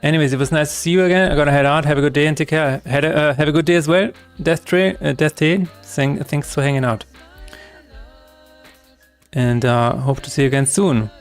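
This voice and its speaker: A man's voice: fairly high pitch, steady tone, a little fast, clean tone, soft background music. Chatty man thinking aloud. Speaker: game developer streamer. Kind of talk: live-streamed coding chat.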